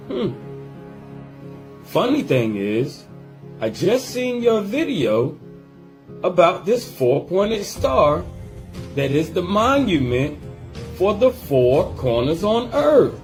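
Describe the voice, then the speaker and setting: A man's voice: high voice, very animated, slow pace, pauses often, darkish tone, faint music behind. A man hosting a video commentary in a teasing, theatrical way, speaking straight to his viewers. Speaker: channel host.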